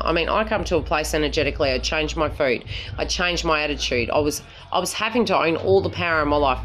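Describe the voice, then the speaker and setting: Blunt, swearing woman psychic over faint music. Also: deep voice. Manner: blunt, swearing, laughing, asks "right?". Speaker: psychic reader. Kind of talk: casual spiritual talk to viewers.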